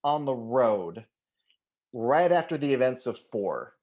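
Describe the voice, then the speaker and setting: A man's voice: medium pitch, sing-song, takes it slowly, darkish tone, lo-fi sound. Rambling man chatting about movies. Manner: rambling, many restarts and fillers; swears casually. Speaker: podcast co-host. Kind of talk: casual movie discussion.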